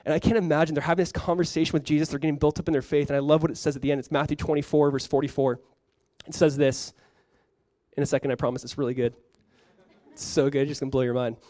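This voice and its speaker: A young male pastor preaching a sermon in a lively, conversational way, often dropping in "like" as he talks. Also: a little high, quick pace, no room sound. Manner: animated, conversational preaching with frequent "like".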